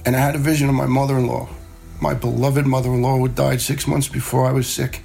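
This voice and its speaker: A man's voice: mid-range voice, little pitch movement, fast, creaky, a little mellow, faint music behind. A middle-aged man telling his own story in a plainspoken, conversational way, playing out the voices of people he quotes. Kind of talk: personal story told on a radio show.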